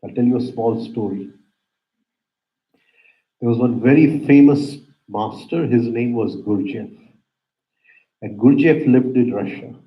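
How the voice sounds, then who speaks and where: A man teaching a yoga breathing lesson, giving calm instructions with soft pauses and frequent "right?" asides. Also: medium pitch. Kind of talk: guided breathing lesson with storytelling. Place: yoga center room. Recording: roomy, dull lo-fi hall recording.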